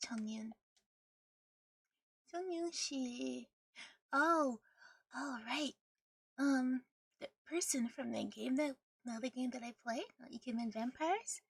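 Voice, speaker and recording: A woman's voice: high-pitched, measured pace, vocal fry, long pauses, husky, no room sound, studio quality. A woman streaming a video game, chatting casually and rambling with frequent laughter. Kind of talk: casual gameplay stream chat.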